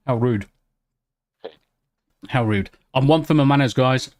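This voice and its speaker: A British man chatting casually on a live stream. He reacts excitably to chat and swears freely. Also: mid-range voice, unhurried. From United Kingdom. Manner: excitable, swears freely, talks while eating.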